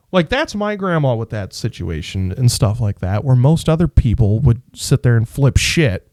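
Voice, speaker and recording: Man, podcast co-host, lively pitch, casual swearing, dry close mic. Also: moderate pace, hardly any pauses, no room sound. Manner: animated storytelling, swears freely.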